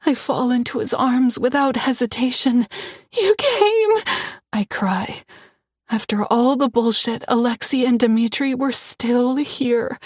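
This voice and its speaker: Husky woman reading a tense audiobook. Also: a little high, no echo, clean studio sound. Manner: tense, breathless and dramatic, dropping to whispers. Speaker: audiobook narrator. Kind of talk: first-person audiobook narration.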